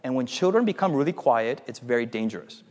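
A man preaching a lively sermon, telling a playful story and calling on the audience for amens. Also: mid-range voice, fast talker, in a large hall. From United States.

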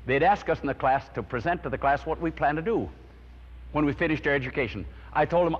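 A man's voice: mid-range voice, expressive, normal speed. A man preaching a sermon, telling his own testimony in an earnest storytelling way and praying. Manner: earnest storytelling, swelling with emotion. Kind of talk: sermon with personal testimony and prayer. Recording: dull lo-fi recording in long-reverb hall.

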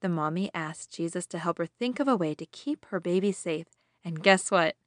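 A woman hosting a children's devotional podcast, telling a Bible story in a slow, sing-song way and asking the children questions. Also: fairly low pitch, expressive, no echo, clean studio sound.

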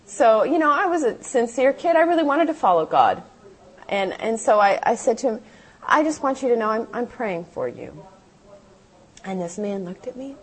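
Woman, breathy, mid pitch, earnest testimony, storytelling to a seated audience. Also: low-quality recording. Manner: earnest, heartfelt storytelling with quoted inner voices. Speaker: motivational speaker. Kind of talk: testimony talk to a live audience. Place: meeting hall with seated audience.

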